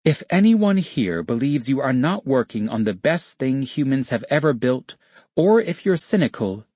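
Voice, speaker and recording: A male narrator lifting his voice to play an intense woman founder addressing her employees. She speaks in pointed, stern phrases with a raised pitch. The reading is dry and close. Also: very animated, moderate pace, a little mellow, breathy edge, dry recording. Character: intense female company founder addressing staff.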